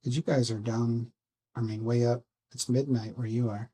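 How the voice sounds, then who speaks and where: A man hosting a casual build vlog, rambling softly to his viewers and himself while he works at a bench indoors. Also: medium pitch, little pitch movement, moderate pace, slightly rough. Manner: soft, rambling self-talk with musing asides. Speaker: drone hobby channel host.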